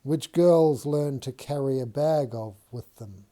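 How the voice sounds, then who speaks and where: A man reading a novel aloud in a measured, unhurried storytelling manner. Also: mid-range voice, mellow. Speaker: audiobook reader.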